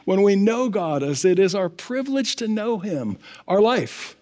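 High-voiced preacher in a reverberant hall. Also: male voice, sing-song, measured pace, dark tone. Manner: emphatic, asks the congregation for amens. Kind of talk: sermon.

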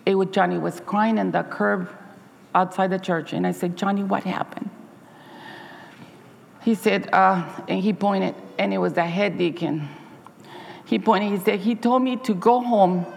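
A woman's voice: medium pitch, steady tone, unhurried, vocal fry, long pauses, in a large hall. A woman Sabbath school teacher giving an earnest, heartfelt personal testimony to her church congregation, often restarting her sentences.

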